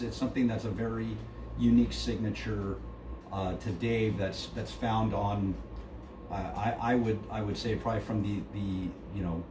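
A middle-aged man giving a casual drum lesson, talking loosely with many fillers and counting beats aloud. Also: lowish voice. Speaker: drum instructor. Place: drum studio. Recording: echoey room, distant mic, noisy.

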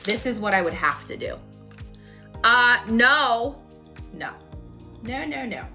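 A woman's voice: on the high side, very animated, slow pace, bright, forceful tone, faint music behind. A woman in her thirties talking candidly to camera in a personal vlog at home, chatty and full of "like". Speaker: vlogger.

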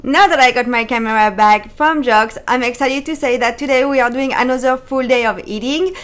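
A woman's voice: sits high, brisk, fairly bright tone. A woman with a French accent, chatting upbeat through a casual cooking vlog with frequent ums. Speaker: vlogger.

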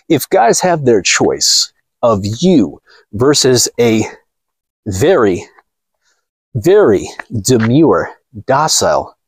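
A man rants to his viewers in a blunt, mocking monologue while out walking. His voice is a bit husky and jumps lively in pitch. The sound is dry and close. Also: no room sound. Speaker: vlogger. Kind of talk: casual ranting monologue.

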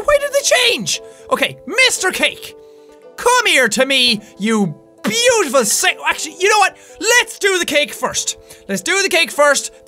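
An Irish man in his twenties doing loud, frantic gameplay commentary, swearing and yelling at the game. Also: very high voice. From Ireland. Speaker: gaming YouTuber.

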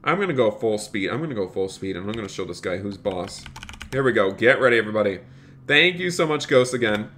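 A man's voice: lowish voice, lively intonation, fast, fairly bright tone, slight background noise. A man live-streaming a game, chatty, thanking viewers by name and talking to "you guys" a lot. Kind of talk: live-streamed gameplay commentary.

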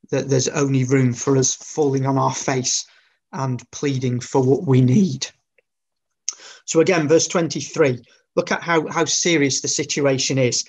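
A man delivers an expository Bible talk to a congregation in an earnest, careful way. His voice sits somewhat high and has a husky edge. He often stumbles and restarts phrases, then leans on rhetorical tag questions.

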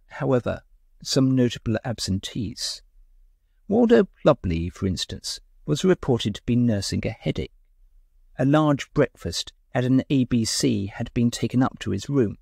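A man narrating a short story in an expressive, lilting way. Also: mid-range voice, creaky, slightly rough, no echo, studio quality. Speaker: audiobook narrator.

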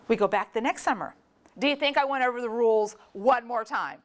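A woman from Florida giving a storytelling talk, animated and acting out the voices of people in her story. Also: fairly high pitch, fairly quick. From Florida, USA. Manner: animated, acts out quoted voices. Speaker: speaker.

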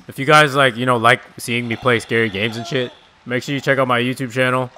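A man's voice: mid-range voice, fairly even intonation, brisk, bright, forceful tone, a little hiss or hum. A man streaming a horror game live, talking to his chat, swearing often and shrieking when startled. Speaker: gaming streamer. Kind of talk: live gameplay reaction.

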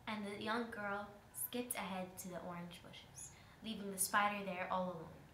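With a bright, forceful, steady tone at normal speed, a female student tells her class a folk tale, occasionally tripping over words and starting again. Her pitch is medium, and the room echoes under a faint hiss.

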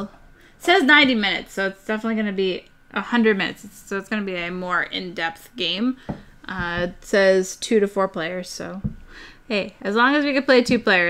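A young woman chatting casually and excitably about board games on her live stream, rambling with fillers. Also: mid-range voice.

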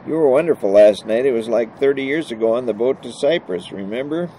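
A man voicing an affectionate, emotional sixty-year-old petite wife, raising his pitch for her lines. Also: steady tone, normal speed, warm tone, a little hiss or hum, close to an everyday voice, rough recording. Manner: lifts voice higher for her lines.

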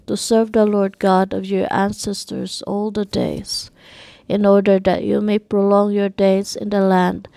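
A woman reading scripture aloud in a steady, measured way, with archaic wording. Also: mid-range voice, gravelly, no echo. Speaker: scripture reader.

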